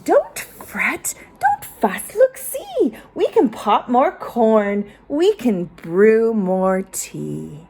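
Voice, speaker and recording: A woman voicing a tiny, kind mouse who speaks in a squeaky, soothing voice as she reads a storybook aloud. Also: huge pitch swings, very slow, hardly any pauses, darkish tone, breathy edge, heavily acted.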